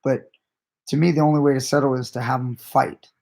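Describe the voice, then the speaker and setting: A man's voice: medium pitch, level tone, a little fast, creaky, a little mellow. A man coaching grappling, chatting on a late-night live stream in a rambling, conversational way that often restarts sentences. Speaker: jiu-jitsu coach and channel host.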